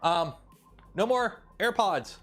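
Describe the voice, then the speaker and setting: Brief: man from Canada, livestream host, lively up-and-down delivery, slightly high voice, loose and jokey. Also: takes it slowly. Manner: rambling and jokey, with many fillers and restarts. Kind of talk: casual livestream chat while building.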